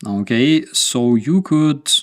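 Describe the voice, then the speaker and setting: A man's voice: medium pitch, slow, darkish tone, no room sound, studio quality. A man from Ukraine, hosting a casual live stream in a rambling, darkly sarcastic way. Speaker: streamer host.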